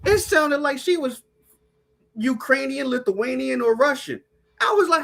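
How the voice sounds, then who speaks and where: A woman co-hosting a casual podcast, her voice swooping widely up and down as she talks. She is blunt and profane, driving her points home with animated energy. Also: high voice, a little slow, creaky. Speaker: podcast co-host. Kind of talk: casual chat.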